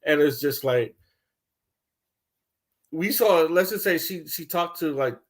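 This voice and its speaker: A young man ranting casually, telling loose, profane stories with lots of laughter and swings between loud bursts and low mumbles. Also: animated, slow. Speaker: commentator. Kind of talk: casual rant.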